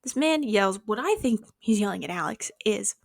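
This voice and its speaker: Animated young woman telling a story in a dry bedroom. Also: normal speed, creaky, no echo. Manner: animated, swearing, acting out quotes with big pitch jumps. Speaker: vlogger. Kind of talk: casual storytime vlog.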